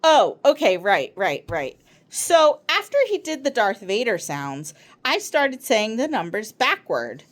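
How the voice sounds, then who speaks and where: A woman's voice: on the high side, very animated, a little slow. A woman doing a rambling eager schoolboy. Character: excitable chatty schoolboy.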